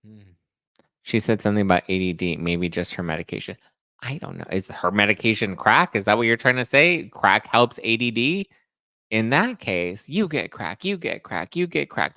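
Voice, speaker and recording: In a casual, sassy chat, a man hosting a podcast recaps reality TV and acts out quotes. His voice is on the low side but expressive, bright and forceful, at normal speed. The recording is dry.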